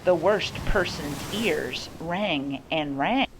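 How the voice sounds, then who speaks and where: Older woman reading a picture book slowly. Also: deep voice, slight background noise. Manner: slow, expressive storytelling. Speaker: storybook reader.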